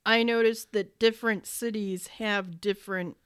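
Woman, casual movie chat, blunt dismissive manner, mid pitch, dry room. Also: fairly even intonation, moderate pace, a bit bright, clean tone, no room sound. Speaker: podcast co-host.

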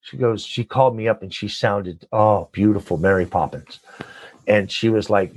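A man talks as an interview guest in a low-pitched voice, animated and sermon-like, leaping high in pitch for emphasis. The recording is dry and close, with no room sound. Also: moderate pace, slightly rough, no room sound. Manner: animated, preacher-like call-and-response with sudden high jumps. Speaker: guest, nonprofit leader and coach. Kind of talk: enthusiastic interview talk.

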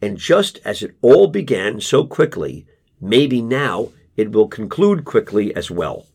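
A man narrating a first-person memoir in a measured, restrained way. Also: lowish voice, very animated, gravelly, darkish tone, husky. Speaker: audiobook narrator.

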